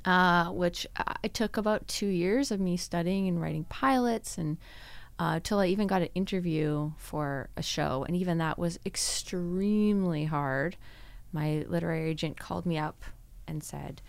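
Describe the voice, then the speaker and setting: Speaking at a moderate pace, a woman who works as an actress and screenwriter shares her experiences with energy as a guest in a casual podcast interview, dropping into quoted dialogue along the way. Her lowish voice is smooth and resonant, heard in a close, dry recording without any room sound.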